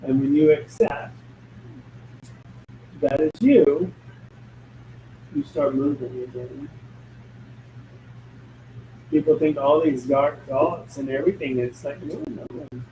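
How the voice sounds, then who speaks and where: A man's voice: a little high, takes it slowly, long pauses, mellow. A man working as a spiritual medium, talking casually in an emphatic, blunt and joking way. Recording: echoey room, distant mic, faint noise.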